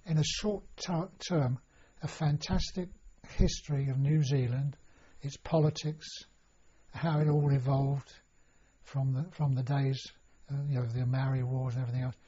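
Older man, husky, warm reminiscing. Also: mid-range voice, steady tone, moderate pace. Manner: rambling storytelling with many fillers and restarts. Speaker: interviewee. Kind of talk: oral history reminiscence. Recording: dull lo-fi recording.

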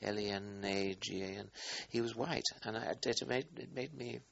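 An older man recalling his wartime squadron in an interview, halting and searching for words. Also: lowish voice, creaky, a bit bright, dry recording, highs cut off. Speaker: interviewee, former squadron commander. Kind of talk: oral history interview.

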